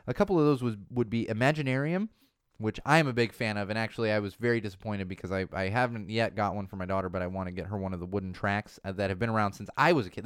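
A man's voice: fairly low pitch, clean tone, dry recording, clean studio sound. A man in his thirties hosting a podcast, talking casually with many fillers and restarts, his voice a little worn. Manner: rambling, lots of fillers and restarts. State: slightly losing his voice. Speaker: podcast host.

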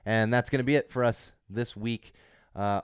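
A man in his thirties with a hoarse voice from a cold, hosting a podcast in a casual, rambling monologue with lots of restarts and emphatic repeats. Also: medium pitch, steady tone, moderate pace, no room sound. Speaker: podcast host.

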